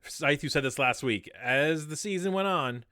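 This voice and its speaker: Rambling and full of fillers, this male podcast co-host talks casually in a slightly high, bright voice with a forceful tone and moderate pace. The recording is dry, with clean studio sound.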